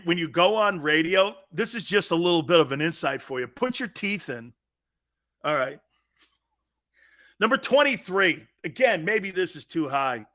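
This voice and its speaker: A man's voice: fairly high pitch, bright, forceful tone. A man hosting a sports talk show in a blunt, profane, mocking monologue, laughing often.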